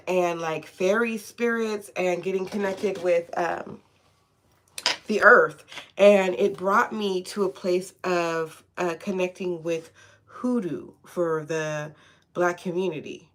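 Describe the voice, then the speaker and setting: A woman's voice: lowish voice, fairly even intonation, slow pace, fairly bright tone. A woman giving a casual live tarot reading from home, chatty and often checking in with "okay?". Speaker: tarot reader.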